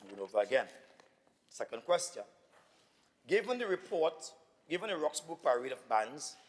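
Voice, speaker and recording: A man, an assemblyman debating in a legislative chamber, speaking insistently and with indignation, often repeating himself. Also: mid-range voice. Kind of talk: parliamentary debate. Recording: reverberant assembly hall.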